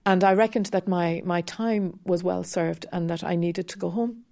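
A woman who teaches harp, talking candidly and reflectively in a radio interview, with soft laughs. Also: fairly low pitch, steady tone, moderate pace, gravelly. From Ireland.

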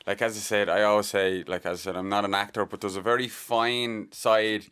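A man's voice: on the low side, a little fast, clear, resonant tone. A man with an Irish accent, a sports mascot performer, telling joking stories as a radio guest. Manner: lively storyteller, animated, joking. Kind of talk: casual radio interview guest.

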